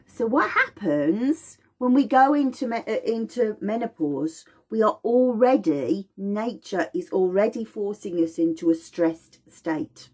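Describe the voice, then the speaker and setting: A woman's voice: medium pitch, expressive, measured pace, hardly any pauses, slightly rough. A middle-aged woman teaching about aromatherapy in an informal, explanatory way, acting out little voices and sounds as she goes.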